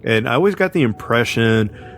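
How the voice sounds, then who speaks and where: A man's voice: medium pitch, lively intonation, normal speed, faint music behind. A man co-hosting a podcast, telling a story casually with lots of fillers and restarts. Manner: rambling, many fillers and restarts. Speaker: podcast co-host.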